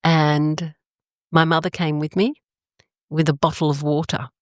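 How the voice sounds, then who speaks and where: An older Australian woman telling stories in a casual interview, animated and expressive, her pitch jumping up suddenly. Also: a little slow, dry recording, studio quality. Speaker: guest.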